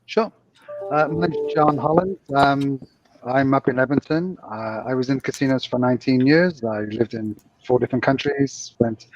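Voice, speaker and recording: A man's voice: medium pitch, dry recording. A middle-aged man, a former casino dealer, telling stories casually with chuckles. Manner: chuckles through stories, acts out voices. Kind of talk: casual storytelling on a live stream. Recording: dull muffled audio.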